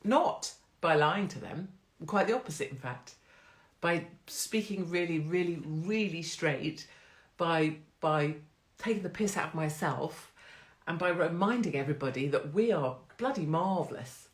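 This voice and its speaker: A woman's voice: sits low, lively intonation, unhurried. Brash, laughing woman streaming live. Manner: brash, jokey, swearing, laughs often. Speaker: host. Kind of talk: casual live-stream chat. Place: home, live phone stream. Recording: roomy echo.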